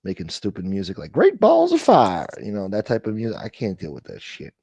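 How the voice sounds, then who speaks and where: A man's voice: deep voice, fast talker, warm tone, breathy edge, dry recording. A man hosting a casual late-night livestream chat, rambling and swearing as he reads and answers viewer comments. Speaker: livestream host.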